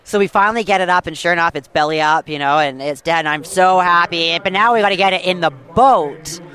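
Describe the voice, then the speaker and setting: A woman guest telling a long story with lively excitement, full of fillers and quick restarts. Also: lowish voice. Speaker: guest hunter. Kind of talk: animated storytelling.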